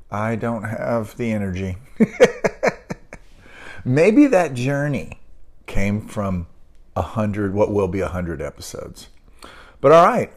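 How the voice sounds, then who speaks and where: A middle-aged man hosting his own podcast, rambling casually and grumbling wryly about small everyday irritations. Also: medium pitch. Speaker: podcast host. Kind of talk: casual solo podcast monologue.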